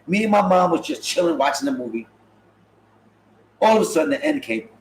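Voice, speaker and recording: A man tells comic stories in a loose, casual way. His voice sits a little high and swings widely in pitch as he jokes. The room is echoey, with a faint ambient hum behind him. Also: fairly quick. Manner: animated, joking, acts out quoted voices. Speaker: podcast host. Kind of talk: casual comedic storytelling.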